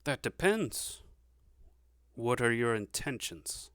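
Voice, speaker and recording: A man's voice: medium pitch, big pitch swings, takes it slowly, fairly bright tone, clear, resonant tone, no echo, studio quality. A man voicing a shrewd, suspicious noblewoman who rules a region, speaking in a guarded, probing way. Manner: guarded, probing, veiled threat.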